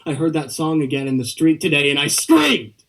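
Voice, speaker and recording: A young man student actor voicing a lonely letter-writer who begs for a reply, in a slow, aching dramatic monologue. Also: fairly high pitch, big pitch swings, fairly bright tone, recorded from a distance, exaggerated voice. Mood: longing. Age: young adult. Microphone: video call.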